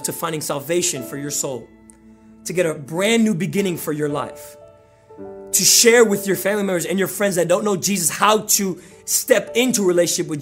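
Male pastor, energetic conversational sermon, repeats key phrases, high-pitched voice, faint music behind.

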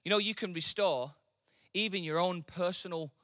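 A man preaching a sermon. He talks casually, then swells into loud, impassioned preaching. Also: sits high, moderate pace, dry recording, clean studio sound. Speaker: pastor.

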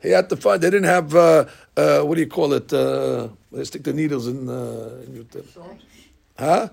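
A man teaches a Talmud class, retelling old stories with lively energy and acting out the lines. His voice is rough and gravelly, with a husky edge. It sits fairly high for a man. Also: moderate pace. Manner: animated storyteller, acting out lines with rising shouts. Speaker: Torah teacher.

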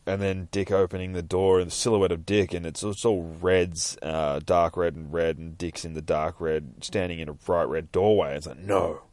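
Brief: low-voiced man, loose and sweary comic recap, dry close sound. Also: moderate pace, few pauses, dry recording. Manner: swears freely, excitable, rambling. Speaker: podcast host. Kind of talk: casual comic book recap.

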